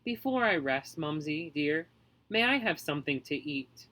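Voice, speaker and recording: A man's voice: fairly high pitch, expressive, a little slow, bright, forceful tone, rough recording. A man voicing a whiny, pampered nine-year-old boy who wails and pities himself. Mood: wheedling. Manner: wailing, self-pitying.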